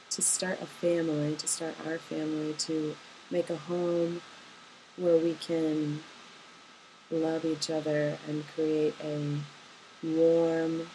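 A young college-age woman speaks a personal voice message to someone she loves, wandering from thought to thought with soft hesitations. Her voice sits slightly low for a woman. A faint hiss runs under the recording. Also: poor audio. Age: young adult. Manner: rambling, tender and hesitant, with many ums. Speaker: college student.

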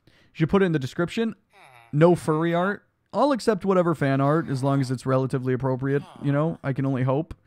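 A man's voice: fairly high pitch, fast talker, a little mellow. Chatty young man streaming a game. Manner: chatty, reads chat aloud and answers it. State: sleep deprived, yawning. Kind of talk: casual live-stream chat while gaming.

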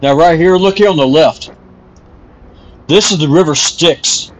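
A man's voice: a little high, unhurried, rough recording. A man casually commenting on his gameplay stream while coughing often and apologizing for it. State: coughing repeatedly.

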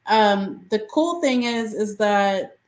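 A young woman chats on a podcast with lively, self-mocking energy and laughs often. Her voice sits at a middle pitch. The sound rings a little in a roomy space. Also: slow pace. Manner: animated, laughing, self-deprecating. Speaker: guest filmmaker. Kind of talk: casual podcast chat. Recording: roomy echo.

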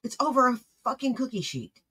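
Husky-voiced commentator, blunt and exasperated reaction talk. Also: medium pitch, very animated, brisk, sharp tone.

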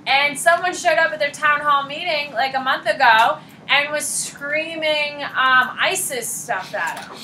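A woman teacher lecturing a high school class in a chatty, informal way, short on sleep and quick to laugh at herself. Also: sharp tone, slight background noise. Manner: chatty, informal, self-deprecating. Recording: roomy classroom echo.

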